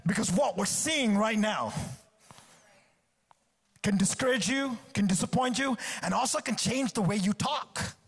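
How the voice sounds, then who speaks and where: Male preacher, high husky voice, emphatic repeated exhortations. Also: measured pace, fairly bright tone. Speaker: guest preacher. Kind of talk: sermon. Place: church service.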